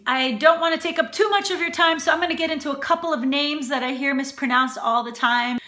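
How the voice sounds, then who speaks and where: Bright-voiced woman host, playful and relaxed. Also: high-pitched, fairly quick. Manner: relaxed, playful, teasing, repeats words to demonstrate pronunciation. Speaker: cooking channel host. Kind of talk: casual talk to camera. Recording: echoey room.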